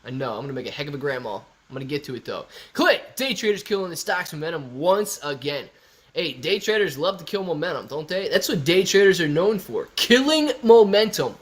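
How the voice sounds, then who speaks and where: A man's voice: a little high, lively intonation, quick pace. A man from Ohio hosting a stock livestream in a casual, chatty way, reading viewer comments aloud and answering them.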